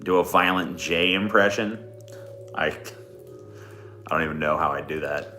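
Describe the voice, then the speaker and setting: Low-voiced man chatting on a livestream. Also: unhurried, pushed and bright. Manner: laid-back, swears a lot, reads chat requests. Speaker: livestream host. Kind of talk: casual livestream chat. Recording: echoey room with music behind.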